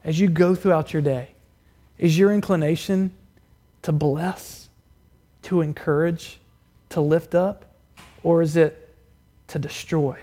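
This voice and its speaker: A man preaching a sermon in a church, firing rhetorical questions at the congregation, swinging between loud, raised emphasis and quiet, low appeals. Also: fairly even intonation, slow pace, long pauses. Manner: asks the congregation many direct rhetorical questions; rises loud and high for emphasis, drops quiet and low to press a point. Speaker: pastor.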